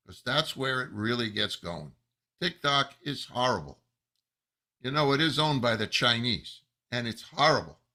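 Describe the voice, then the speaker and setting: A man giving an angry, emphatic monologue as a rabbi, slow and building to loud outbursts. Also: fairly high pitch. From United States. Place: New Jersey.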